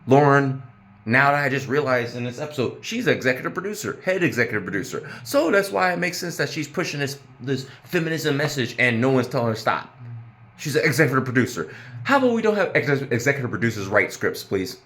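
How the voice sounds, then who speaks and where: A man's voice: mid-range voice, lively intonation, fast talker, a bit bright. A man ranting casually about a TV episode, exasperated and profane, laughing at his own jokes. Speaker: TV show reviewer. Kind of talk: casual profane review rant.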